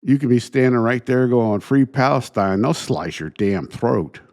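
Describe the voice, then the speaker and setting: A man hosting his own show, ranting indignantly in a halting way, restarting phrases and sighing between thoughts. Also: mid-range voice, expressive, darkish tone. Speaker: podcast host. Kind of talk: solo opinion rant.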